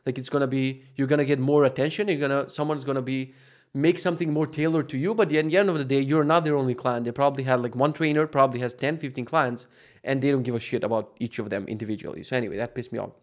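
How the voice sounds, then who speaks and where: A man's voice: medium pitch, fairly even intonation, quick pace. A man hosting his own podcast, talking casually, swearing often and wandering off on tangents. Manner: profane, ranting, wandering off on tangents. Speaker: podcast host. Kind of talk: casual rambling monologue.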